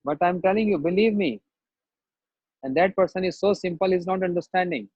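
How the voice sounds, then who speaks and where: A man with a slightly high, husky voice gives a devotional sermon, drifting into a personal anecdote and playing the other voices in it. His English has a non-native turn of phrase. The recording is dry and muffled, with no room sound. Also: brisk, dry recording. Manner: conversational storytelling, acts out quoted voices. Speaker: spiritual teacher.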